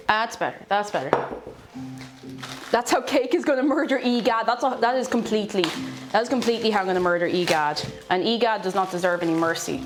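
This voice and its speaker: An Irish woman in casual livestream chat while cooking, chatty and self-mocking, greeting viewers by name. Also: medium pitch. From Ireland. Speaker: streamer. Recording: faint background music.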